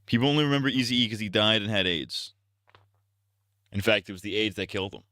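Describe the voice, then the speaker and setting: A male streamer rants in a loose, profane, blunt ramble, often restarting his sentences. His voice is low and clean, recorded close and dry on a streaming mic. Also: fast talker, pushed and bright, no room sound. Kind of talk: casual live-stream rant.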